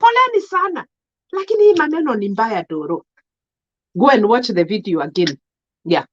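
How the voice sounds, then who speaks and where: A woman's voice: on the high side, big pitch swings, moderate pace, dull audio. A Kenyan woman, around her thirties, giving an emotional, scolding vlog monologue. She repeats herself and keeps switching between English and Swahili. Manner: indignant, scolding. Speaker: vlogger. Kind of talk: impassioned commentary monologue.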